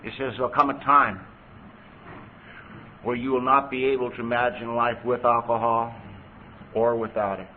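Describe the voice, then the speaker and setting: A man shares his recovery story at a meeting in a medium-pitched, level voice, speaking at normal speed and pausing often. He's conversational, sprinkling in plenty of "you know," and the tape sounds tinny and phone-like with faint hiss.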